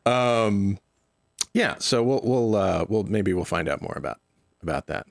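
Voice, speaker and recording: A man with a low voice hosts a casual podcast, joking along and stumbling through fillers and restarts. His pitch swings widely as he talks. The sound is dry and close. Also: animated, unhurried, creaky, no room sound.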